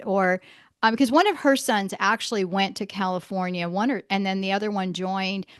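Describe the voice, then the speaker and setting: A woman's voice: mid-range voice, moderate pace, clean tone, dry recording. Chatty woman podcast host, acts out every quote, laughs a lot, dry close sound. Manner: animated storyteller, acts out quotes, laughs often. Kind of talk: casual interview chat. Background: homeschool mom.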